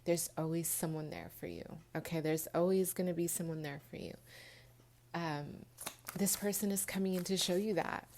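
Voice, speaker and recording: A woman with a fairly low voice reads tarot for her viewers. She speaks earnestly and with a lot of feeling, often pausing and restarting her sentences as she calls them "you guys.". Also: expressive, darkish tone. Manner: frequent restarts and fillers, pauses mid-thought. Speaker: tarot reader. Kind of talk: pick-a-card tarot reading.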